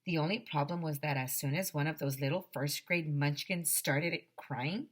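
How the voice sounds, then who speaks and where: A woman teacher reading a children's chapter book aloud to her class, expressive and gently dramatic. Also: sits low, moderate pace.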